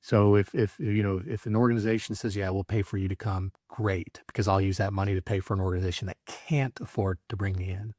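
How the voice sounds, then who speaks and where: A man who used to work as a drug agent, speaking as a podcast guest in a lowish voice. He talks plainly, often restarting his sentences, with a dry, wry humor. The sound is dry and close, without room echo. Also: steady tone, fast talker, few pauses, a little mellow. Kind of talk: casual interview chat.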